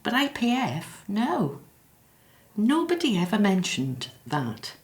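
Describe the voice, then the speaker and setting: An actress playing a bereaved middle-aged South Welsh woman who speaks in a halting, reflective way and apologizes as she comes close to tears. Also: medium pitch, wildly swooping pitch, exaggerated voice. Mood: sorrowful. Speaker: bereaved daughter interviewed in her office. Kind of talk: filmed drama monologue. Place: quiet office after hours.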